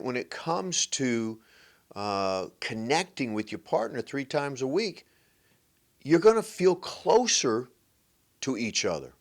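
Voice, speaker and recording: A man's voice: medium pitch, vocal fry. A man hosting a relationship advice show, talking playfully and emphatically, joking and repeating his points. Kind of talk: animated monologue to camera.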